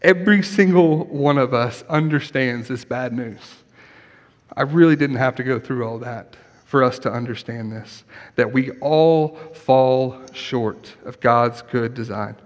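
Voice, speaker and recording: A man preaching an earnest sermon as pastor, then leading a quiet prayer. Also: mid-range voice, unhurried. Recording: long hall reverb.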